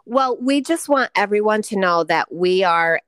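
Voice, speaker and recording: A woman co-hosting a podcast in casual chat, animated and quick to laugh. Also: mid-range voice, smooth, no room sound, clean studio sound. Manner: chatty, laughs often, animated. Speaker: podcast co-host.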